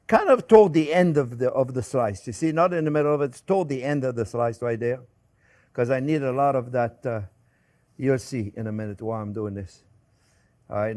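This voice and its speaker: An older man with a French accent, chatting and joking with viewers as he demonstrates a recipe in his kitchen. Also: medium pitch. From France. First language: Italian and French. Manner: chatty, joking, animated, addresses viewers as friends. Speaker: chef. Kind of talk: cooking demonstration.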